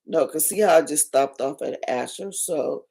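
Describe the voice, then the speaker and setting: Very low, gravelly-voiced woman. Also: moderate pace, mellow. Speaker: co-host. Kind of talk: casual discussion.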